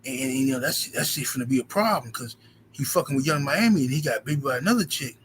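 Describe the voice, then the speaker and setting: A man's voice: medium pitch, expressive, fast, a bit bright, a little hiss or hum, lightly acted, rough recording. A man playing a gossiping buddy. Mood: gossipy. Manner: chatty, gossipy. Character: gossiping male friend, nosy and excitable.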